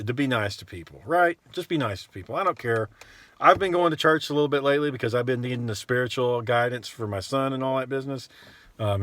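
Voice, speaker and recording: A man's voice: medium pitch, fairly bright tone, dry recording. A man, twenties or thirties, ranting casually to camera, blunt and profane, rambling with lots of fillers. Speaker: vlogger.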